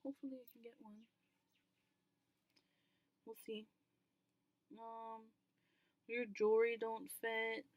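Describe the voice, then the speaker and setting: A woman's voice: fairly high pitch, level tone, slow pace, long pauses, dry recording, muffled recording. A woman vlogger talking candidly to camera in a casual, rambling way, with many ums and casual swearing.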